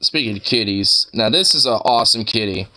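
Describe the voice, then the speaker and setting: A man muses aloud as he scrolls through online posts, drifting from topic to topic and swearing casually. His voice sits a bit low but comes across bright and forceful. He talks in loose, restarting sentences packed with fillers. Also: fairly quick. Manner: profane, rambling, full of fillers and restarts. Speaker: streamer browsing online posts. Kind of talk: casual rambling commentary.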